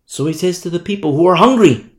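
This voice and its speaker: A male preacher giving an animated sermon, acting out scenes as he goes. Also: high-pitched, fast.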